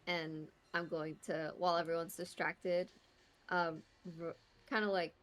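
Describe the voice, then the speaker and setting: A woman's voice: fairly low pitch, little pitch movement, a little slow, fairly bright tone. A woman player in a tabletop game, talking casually and hesitantly. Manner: hesitant, filler-heavy. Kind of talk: casual chat.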